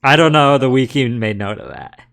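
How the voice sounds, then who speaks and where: A man streaming a game, chatting casually with a friend. His voice sits at a middling pitch, and he often pauses and restarts his sentences in a relaxed, unhurried way. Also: vocal fry, smooth. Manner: laid-back, hesitant, restarts often. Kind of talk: casual let's-play chat.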